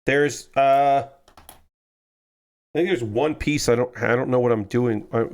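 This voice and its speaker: A tired man hosting a casual model-building live stream, rambling in a relaxed way with lots of filler words and restarts. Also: mid-range voice, unhurried. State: tired, yawning.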